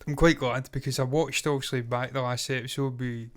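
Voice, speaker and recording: A man's voice: medium pitch, fairly even intonation, brisk. A man co-hosting a reaction video, blunt, chatty and opinionated. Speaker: co-host. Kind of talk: casual reaction chat.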